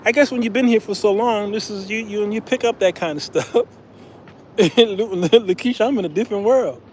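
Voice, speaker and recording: A man's voice: sits high, brisk, slight background noise. A man talking casually to his viewers in a travel vlog, chatty and chuckling often. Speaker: vlogger.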